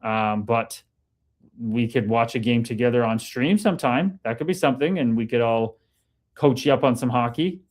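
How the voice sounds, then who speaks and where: A man's voice: medium pitch, normal speed. A man hosting a casual livestream, reading viewer comments aloud, swearing freely and cheering his viewers on. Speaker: livestream host reading chat.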